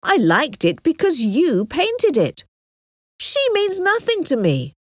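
A woman's voice: sits high, huge pitch swings, slow pace, dry recording, clean studio sound, pitched above the performer's own voice, heavily acted. A woman voicing a pompous, passionate young male vicar in an audiobook story, pleading and easily offended.

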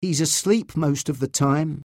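A man's voice: a little high, a little slow, a little mellow, dry recording, studio quality, pitched above the performer's own voice. A man voicing an anxious, loving mother. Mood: worried. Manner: anxious, tender. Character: worried mother, adult woman, loving.

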